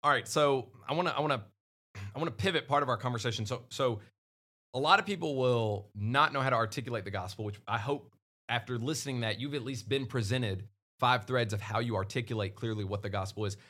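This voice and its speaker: A man hosting a casual Christian podcast, talking earnestly and hitting his points hard with loud peaks. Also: mid-range voice, fairly quick. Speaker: podcast host.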